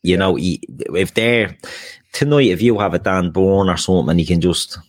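A man with a very deep voice hosts a casual football chat. He talks things through loosely, filling pauses as he goes. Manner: conversational, hedging with fillers. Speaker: podcast host.

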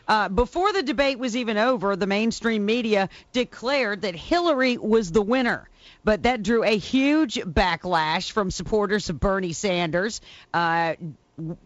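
A woman's voice: medium pitch, expressive, measured pace, dry recording, dull audio. A woman co-hosting a political radio show, reporting in a matter-of-fact way with fillers.

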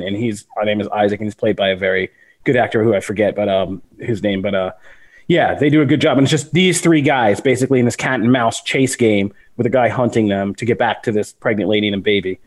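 A man hosting a casual entertainment podcast, telling stories with playful, exaggerated quoted voices. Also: fairly low pitch. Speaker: podcast host. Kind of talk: casual chat.

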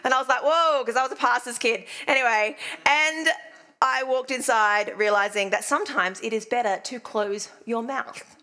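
A young Australian woman gives a sermon in a chatty, self-deprecating storytelling way. Her voice sits high and sounds bright and forceful. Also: moderate pace. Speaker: preacher. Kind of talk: sermon with personal stories.

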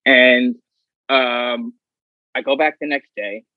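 A man, a guest, telling stories in a casual, animated way and acting out other people's lines. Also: medium pitch, slow, dry recording. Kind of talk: casual storytelling. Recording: dull, slightly muffled audio.

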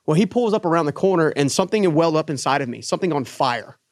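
A man telling his own story in an interview, animated, acting out the voices of the people in it. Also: fairly high pitch, quick pace, no room sound, studio quality. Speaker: business owner guest.

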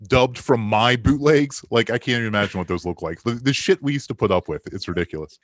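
A man's voice: mid-range voice, fast talker, no room sound, studio quality. A man in his forties from Maryland, a podcast guest telling long roundabout stories with frequent laughs. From Maryland, USA. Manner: rambling storyteller, laughs often. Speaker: podcast guest, film commentary maker. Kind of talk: casual podcast chat.

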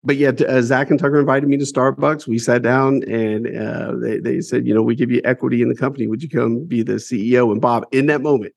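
A man's voice: mid-range voice, fairly even intonation, fast, gravelly, hardly any pauses, a little mellow, no room sound. A man who runs a publishing company, telling his life story as a guest in a casual interview, candid and emphatic, swearing freely and repeating words as he builds up each point.

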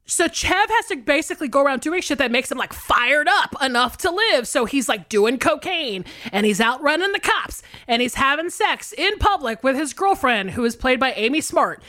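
A woman co-hosting a podcast in casual, animated chat, laughing often and swearing freely as she recaps a film. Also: high-pitched. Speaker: podcast co-host. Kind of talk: casual movie-discussion chat.

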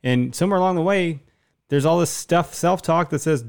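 A man's voice: on the high side, moderate pace, darkish tone, clean tone. A man hosting a podcast, giving blunt, profane, fired-up opinions in casual chat. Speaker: podcast host.

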